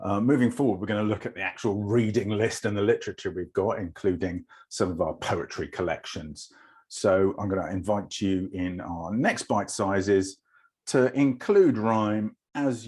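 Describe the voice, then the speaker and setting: Low husky man with an RP accent. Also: normal speed, darkish tone. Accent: English RP. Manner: thoughtful, with frequent ums and uhs. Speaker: lecturer. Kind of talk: recorded lecture on poetry.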